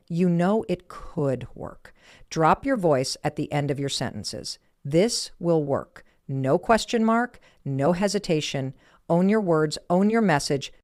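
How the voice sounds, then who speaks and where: A woman's voice: low voice, a little mellow, no room sound, clean studio sound. Emphatic woman giving a motivational speech. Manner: emphatic, punchy short declarations. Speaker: motivational speaker.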